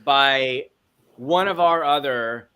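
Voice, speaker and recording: A man's voice: medium pitch, slow pace, bright, forceful tone, clean tone. A man speaking as a guest in a casual panel chat over a video call, enthusiastic and rambling, full of fillers.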